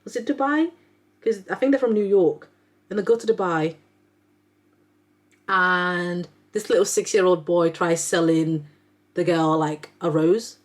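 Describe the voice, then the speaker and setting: A woman's voice: lowish voice, unhurried, pauses often. A young adult woman chatting casually about books she read, rambling and filling her talk with "like". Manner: chatty, rambling, heavy use of "like" fillers. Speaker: book reviewer, neonatal nurse. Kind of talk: casual book review chat.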